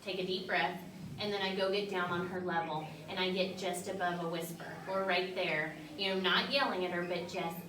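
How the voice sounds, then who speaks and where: A woman on a talk show who talks fast and explains in an animated way, sharing her own experience as a mother. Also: lowish voice, noisy background. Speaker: mental health specialist guest. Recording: echoey room, mic at a distance.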